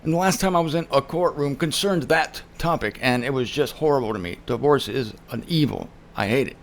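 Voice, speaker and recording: A man's voice: mid-range voice, fairly quick, slight background noise. A man hosting his own show, telling a story in an emphatic monologue and acting out the people he quotes. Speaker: show host. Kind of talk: casual monologue.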